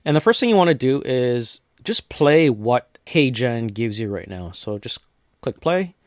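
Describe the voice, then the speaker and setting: A man from North America casually walking through a software tutorial step by step, with frequent restarts. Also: medium pitch, very animated, measured pace, dry recording, clean studio sound. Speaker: tutorial host. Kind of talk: screen-recorded software tutorial.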